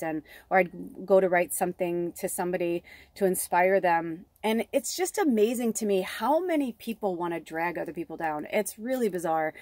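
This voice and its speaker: In a dry recording, a middle-aged tarot reader and medium from Chicago's southern suburbs, USA, speaks in a lowish, slightly mellow voice. Her casual spiritual reading rambles into tangents, and she swears without restraint.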